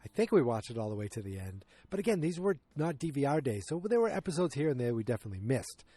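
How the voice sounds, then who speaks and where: A man's voice: medium pitch, sing-song, fast talker, mellow, no echo. Man casually recapping a sitcom. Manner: rambling, acts out quotes in raised voices. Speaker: podcast host.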